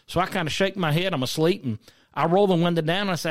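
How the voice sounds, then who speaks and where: A man's voice: a little high, fast talker. A middle-aged man, from South Carolina, hosting a podcast and giving opinionated commentary in a conversational way, asking listeners questions and telling stories from his own life. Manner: conversational, asks listeners questions, storytelling asides. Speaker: podcast host.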